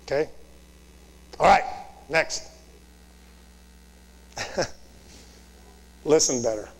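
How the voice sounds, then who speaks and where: A man's voice: on the high side, animated, very slow, creaky, a little hiss or hum. A man in his fifties, a military commander, giving a direct motivational leadership talk to officer students, asking rhetorical questions and checking "Okay?". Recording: long reverb in a large hall.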